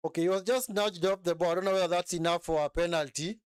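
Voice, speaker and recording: A man's voice: high voice, quick pace, clear, resonant tone, no echo, clean studio sound. A man hosting a live football watchalong, reacting to the play as it happens, repeating phrases and tagging sentences with "eh?". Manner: excitable, repeats phrases, frequent tag "eh?". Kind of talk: live match commentary and chat.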